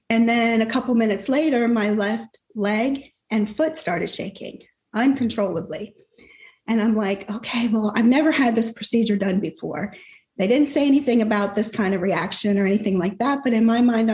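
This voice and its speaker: A woman's voice: a little high, a little mellow, roomy sound. A middle-aged woman recounting a frightening personal experience in an interview, earnest and emotional, often quoting her own thoughts. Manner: earnest, emotional retelling with quoted inner thoughts. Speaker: guest telling her story.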